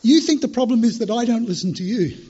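A man voicing God as a patient male deity who answers gently and reassuringly. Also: extremely high pitch, fast talker, breathy edge. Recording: dull lo-fi recording.

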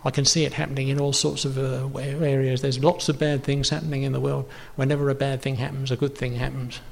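A male pastor gives a relaxed, chatty sermon, stopping and restarting often with plenty of ums. His voice has a gravelly edge at a middling pitch. His nose is running. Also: quick pace, a little hiss or hum. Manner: conversational, rambling with many fillers and restarts. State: runny nose.

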